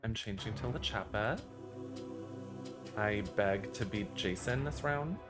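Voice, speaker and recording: A man's voice: fairly low pitch, a little slow, rough recording. A man streaming a video game, chatting casually and reading out chat requests. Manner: chatty, reads chat aloud. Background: game music.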